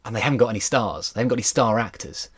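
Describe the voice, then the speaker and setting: A man, a historian, giving a casual storytelling lecture in a lively, chatty way with asides. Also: fairly low pitch, racing, slightly rough.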